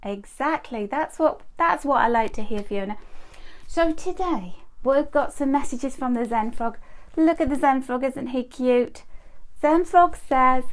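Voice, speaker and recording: Fifty-something lady doing a live card reading, chatty, bit high-pitched, says hi to everyone by name. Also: moderate pace. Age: 50s. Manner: chatty, greets viewers by name. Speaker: card reader.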